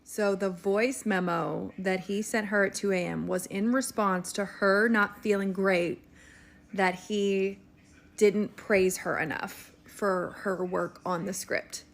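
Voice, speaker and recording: A woman's voice: mid-range voice, fairly even intonation, takes it slowly, vocal fry. A woman giving pointed, incredulous commentary on a celebrity dispute.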